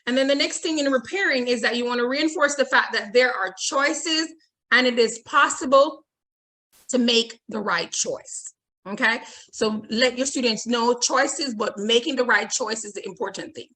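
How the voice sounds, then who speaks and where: A woman's voice: fairly high pitch, moderate pace, bright, forceful tone. A woman leading an online teacher training, repeating her points and checking in with "okay?" and reading audience comments aloud. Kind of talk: webinar presentation.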